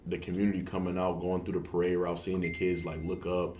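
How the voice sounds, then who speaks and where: Deep-voiced young man, relaxed. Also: brisk, a little hiss or hum. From Canton, Ohio. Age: young adult. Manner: relaxed, loose talk with frequent "like" fillers. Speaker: guest, college football player. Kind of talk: casual interview.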